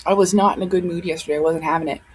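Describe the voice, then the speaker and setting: A woman's voice: fairly low pitch, steady tone, rapid-fire, a little hiss or hum, low-quality recording. A young woman talking casually to her camera at home, rambling and emotional, with many fillers and restarts. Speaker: vlogger.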